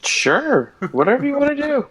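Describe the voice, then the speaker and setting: A man playing a tabletop game over a voice call, relaxed and hesitant, filling his sentences with fillers. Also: very high-pitched, moderate pace, crowd noise. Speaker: player. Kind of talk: casual tabletop game play.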